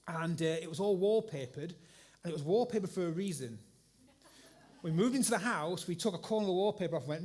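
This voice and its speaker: A middle-aged man, preaching in a church and telling a rambling, animated story full of restarts. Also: high-pitched, fairly quick. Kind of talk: sermon story. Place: church hall with congregation.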